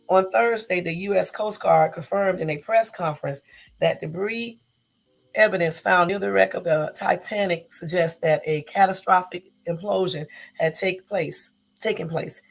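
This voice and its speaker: A woman with a gravelly morning voice, casually reading news aloud and commenting, correcting herself as she goes. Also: fairly low pitch. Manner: reads aloud with self-corrections and asides.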